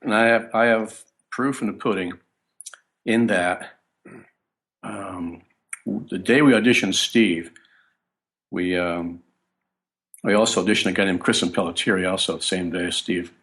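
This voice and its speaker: A man with a very low, deep voice talks through his memories as an interview guest. He rambles from one anecdote to the next, stopping and restarting his sentences as he goes. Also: steady tone, measured pace, pauses often, fairly bright tone. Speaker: guest bassist. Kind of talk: casual interview storytelling.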